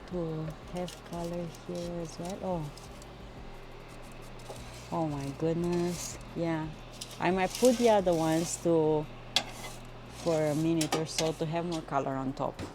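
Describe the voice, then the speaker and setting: A woman chatting with her viewers while she cooks in a home kitchen, excitable and talkative, with some non-native phrasing. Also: on the low side, background noise. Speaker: cooking livestreamer. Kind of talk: casual live cooking chat. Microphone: phone.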